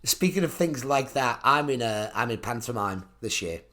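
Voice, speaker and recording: A man's voice: mid-range voice, lively intonation, moderate pace, bright, forceful tone. A man, co-hosting a casual comedy podcast, rambling and laughing at his own jokes. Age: 30s. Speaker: podcast co-host.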